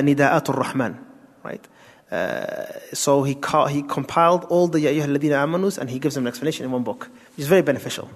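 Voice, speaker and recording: A man giving a Quran tafsir lesson, explaining step by step, asking rhetorical questions and mixing in Arabic terms. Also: fairly high pitch. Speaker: Islamic teacher. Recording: long hall reverb.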